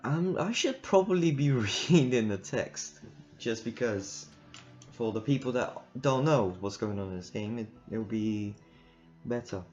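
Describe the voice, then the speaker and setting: With a darkish voice on the low side and a measured pace, a man rambles casually through commentary on his game and laughs frequently. Game music plays behind him in a dull lo-fi recording.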